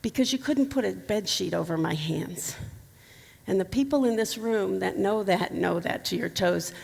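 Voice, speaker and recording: A woman's voice: medium pitch, normal speed, gravelly, a little mellow, slightly rough, big-room sound. A middle-aged woman telling a personal story to a conference audience, candid and emotional with touches of humor. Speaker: keynote speaker. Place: conference hall.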